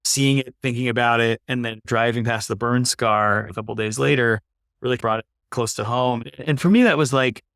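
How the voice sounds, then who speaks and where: A man's voice: mid-range voice, normal speed, vocal fry, fairly bright tone, clear, resonant tone, no room sound. Earnest man in his thirties, dry sound. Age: 30s. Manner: earnest, reflective, uses "like" often. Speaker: podcast guest, climate investor. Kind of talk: casual conversation.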